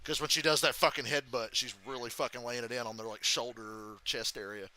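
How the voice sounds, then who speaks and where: Bright-voiced man in casual profane chat. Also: medium pitch, steady tone, brisk, low-quality recording. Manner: loose, profane storytelling with frequent laughter. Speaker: channel host reacting live to a race. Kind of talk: casual live-reaction chat.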